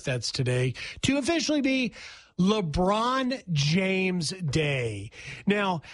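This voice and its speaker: A man with a high-pitched voice chats eagerly about the day's news on the radio. The sound is close and dry, with no room around it. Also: no echo. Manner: quick, chatty and excited. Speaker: radio host. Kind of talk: casual talk radio chat.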